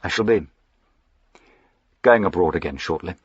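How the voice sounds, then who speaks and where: A man's voice: deep voice, normal speed, husky, no echo, highs cut off. A man voicing a moody, short-tempered young aristocrat with a clipped, sardonic way of speaking. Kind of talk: audiobook character voicing.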